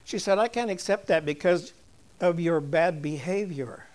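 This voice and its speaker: Folksy older man telling a church story. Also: high voice. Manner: chatty and storytelling, chuckling often, drifting soft and slow when earnest. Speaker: church speaker giving an object lesson. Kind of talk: folksy object-lesson talk to a congregation.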